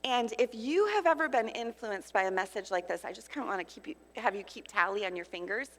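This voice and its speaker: A woman in her fifties preaching at a conference in an expressive way, with loud declarations and hushed asides. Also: medium pitch, brisk. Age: 50s. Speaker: conference speaker. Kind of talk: sermon. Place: large conference hall. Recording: long hall reverb.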